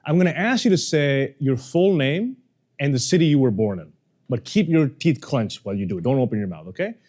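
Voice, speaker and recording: In a workshop lesson, a male communication coach with a medium-pitched voice talks briskly about speaking well. He stays animated, performing the voices of the people he quotes.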